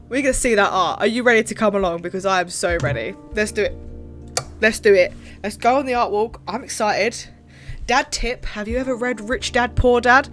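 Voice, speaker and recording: A woman's voice: a little high, moderate pace. Young woman, cheeky let's-play host, light music beneath. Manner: chatty, cheeky. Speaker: gaming youtuber. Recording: background game music.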